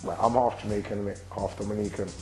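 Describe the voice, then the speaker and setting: Gravelly, low-voiced young London man. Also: steady tone, quick pace, darkish tone, faint music behind, low-quality recording. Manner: slang-heavy, constant "you get me" tags. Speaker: rapper and actor being interviewed. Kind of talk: casual interview answers.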